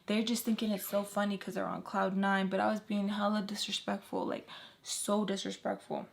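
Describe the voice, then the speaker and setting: A young woman tells a personal story straight to camera in a casual vlog. She talks in slang, keeps a mid-pitched voice and acts out the lines of the people in her story. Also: moderate pace, creaky. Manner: animated, slangy, acts out quotes of others.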